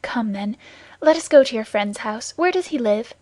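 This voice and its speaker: A woman's voice: on the high side, animated, moderate pace, darkish tone, no room sound, close to an everyday voice. A woman voicing a frightened, secretive young woman in an audiobook, with urgent, pleading questions.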